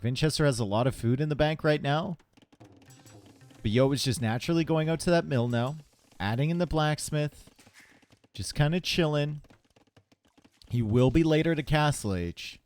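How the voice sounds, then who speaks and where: A man casting a live strategy game tournament, chatty and relaxed, chatting with viewers between plays from a home stream setup. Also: on the high side, normal speed, long pauses. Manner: casual, chatty, talks to chat between plays. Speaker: tournament caster. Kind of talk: live esports commentary.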